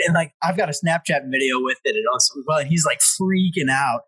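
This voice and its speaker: A man in his twenties, a guest telling funny stories in a casual chat, lively and laughing as he quotes people. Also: fairly high pitch, brisk, hardly any pauses, slightly rough, no echo, low-quality recording. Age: 20s. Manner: laughing, animated retelling with quoted voices. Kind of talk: casual storytelling.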